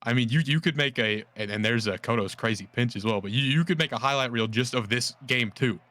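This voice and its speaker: A man casting a live esports match, hyped and fast, repeating words in his excitement, his voice worn from yelling. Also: medium pitch. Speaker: esports co-caster. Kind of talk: live esports play-by-play commentary.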